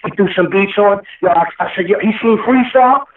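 A man tells a long story in an interview, emotional and rambling, swearing as he goes. His voice sits high. The sound is tinny like a phone line, echoey and a little far from the mic. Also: fairly quick. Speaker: guest rapper.

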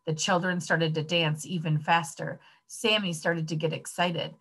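A woman reading a children's picture book aloud, expressive and addressing the children. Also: lowish voice, measured pace, hardly any pauses, husky. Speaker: story reader.

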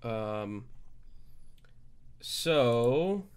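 Man, game master, slow halting narration, average pitch. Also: animated, clear, resonant tone. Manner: halting, full of fillers.

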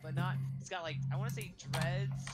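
A man chatting casually while playing a video game, relaxed and joking, often trailing off. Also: high-pitched, moderate pace, over music. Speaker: let's play co-host. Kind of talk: casual gaming chat.

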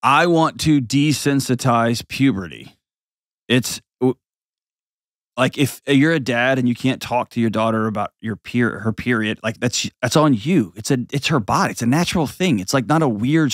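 A man's voice: mid-range voice, normal speed, no room sound, clean studio sound. A man in his forties hosting an advice show, talking emphatically and bluntly, with mocking put-on voices and heartfelt stories. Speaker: host giving advice. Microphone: studio mic.

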